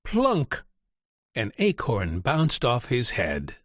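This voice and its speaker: Slow, expressive male storybook narrator. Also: mid-range voice, no room sound, studio quality. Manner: expressive, deliberate. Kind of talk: storybook read-aloud narration.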